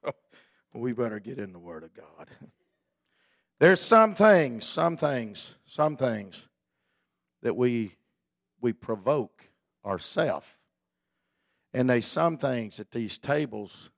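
A man preaching a sermon in a folksy, colloquial storytelling manner, building up to fervent, near-shouted exhortations. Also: medium pitch, lively intonation, slow pace, gravelly, pauses often, no room sound, clean studio sound.

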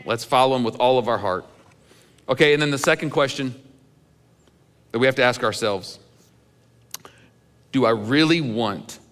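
A man's voice: mid-range voice, a bit bright, long reverb tail. A middle-aged male pastor preaching in a church sanctuary, telling candid personal stories in a conversational way with some humor. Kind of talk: sermon.

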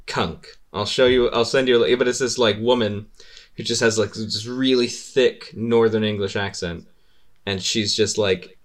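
A man's voice: fairly low pitch, steady tone, normal speed. A man hosting a casual podcast, rambling, swearing often and laughing between thoughts. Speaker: podcast host.

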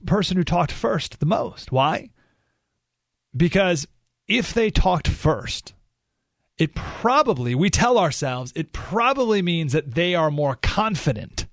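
A man's voice: fairly high pitch, no room sound. A man hosting a radio talk show, giving an emphatic, opinionated monologue full of rhetorical questions, recorded in a studio.

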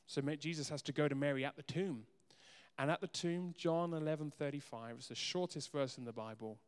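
A man preaching a sermon as pastor, earnest, moving between soft quiet asides and emphatic raised lines. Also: fairly high pitch, brisk, smooth. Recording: long hall reverb.

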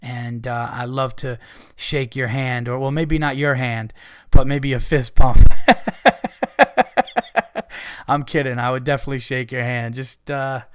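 A man's voice: mid-range voice, little pitch movement, normal speed, clean tone. A man hosting a podcast, rambling casually with lots of swearing, fillers and restarts. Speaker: podcast host.

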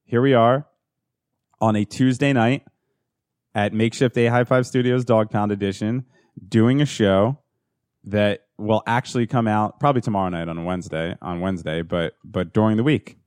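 A man's voice: fairly low pitch, moderate pace, darkish tone, clean tone, no room sound, clean studio sound. A young man co-hosting a podcast in casual banter, laid-back, laughing often and swearing freely. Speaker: podcast co-host.

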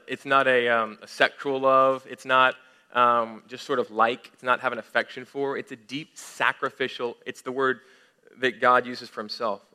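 Young male pastor, sermon, bright clear tone, emphatic and earnest. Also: mid-range voice. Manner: earnest, emphatic preaching with frequent restarts.

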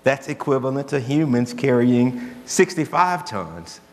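A man's voice: mid-range voice, big pitch swings, a little slow, darkish tone. A man preaching a sermon as pastor, earnest and conversational, telling stories to make his point. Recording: long hall reverb, faint hum.

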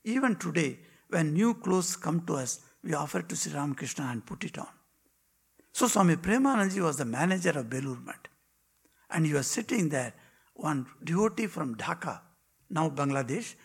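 A man, a monk, telling devotional stories in a spiritual talk, with dramatic pauses and drops to a hushed whisper. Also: on the high side, creaky, husky. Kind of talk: devotional storytelling.

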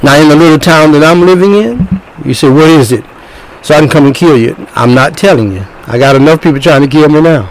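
A man delivers an emphatic sermon in a notably high voice. He circles back on his words, repeating phrases as he drives each point home. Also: a little fast, poor audio. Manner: emphatic, animated, repeats himself. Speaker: preacher.

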